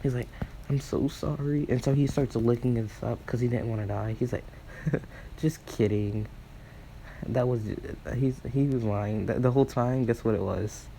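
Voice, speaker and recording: A man improvising a fan story aloud, rambling with many fillers and self-corrections, and acting out characters' lines in quick asides. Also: medium pitch, steady tone, gravelly, mellow, a little hiss or hum, rough recording. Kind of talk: improvised fan-fiction retelling.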